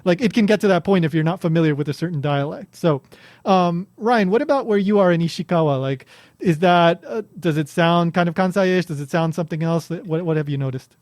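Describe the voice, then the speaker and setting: A man's voice: fairly high pitch, brisk, darkish tone, dry recording, clean studio sound. A man hosting a podcast, chatting casually and explaining things with lots of restarts and fillers. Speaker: podcast host.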